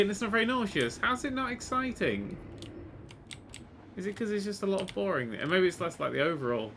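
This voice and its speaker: A man giving casual let's-play commentary, excitable and sweary, swinging from quiet mutters to loud exclamations. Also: sits high, a little fast, a little hiss or hum. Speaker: gaming YouTuber.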